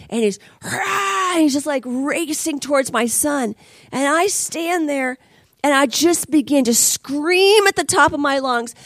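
A woman's voice: high-pitched, dry recording. A woman preaching a sermon as a conversational, emotional testimony, dropping at times to near whispers.

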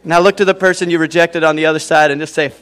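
A man's voice: on the high side, steady tone, quick pace, a bit bright, a faint crowd. A young man preaching a sermon in a casual, chatty way, with many fillers, praying and reading scripture.

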